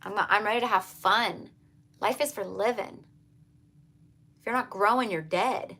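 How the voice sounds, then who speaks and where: A woman's voice: mid-range voice, measured pace, bright, forceful tone. A woman giving a casual tarot reading, talking earnestly and repetitively to her viewers. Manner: earnest, repetitive, emphatic, addresses viewers as you guys. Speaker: tarot reader.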